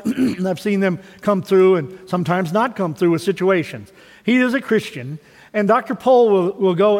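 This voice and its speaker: Male pastor, high voice, folksy storytelling sermon, church hall reverb. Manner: conversational preaching with folksy stories. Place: church sanctuary. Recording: long reverb of a large hall.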